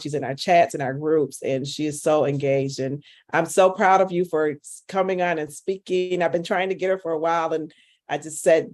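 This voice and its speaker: A woman's voice: sits low, darkish tone, no echo, clean studio sound. Emotional woman near tears, praising. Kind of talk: casual online chat. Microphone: video call.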